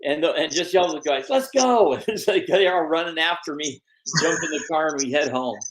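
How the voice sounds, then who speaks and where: Man telling lively fight-world stories. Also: a little high, fast talker, rough recording. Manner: animated anecdotes, acts out quoted voices. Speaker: guest, MMA promoter and manager. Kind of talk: storytelling interview.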